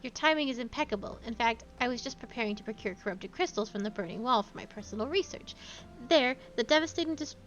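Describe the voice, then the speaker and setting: A woman's voice: on the high side, animated, fast talker, a bit bright, lo-fi sound. A woman voicing a pompous, self-important young male scholar, reading game dialogue in a grand, formal way. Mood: eager.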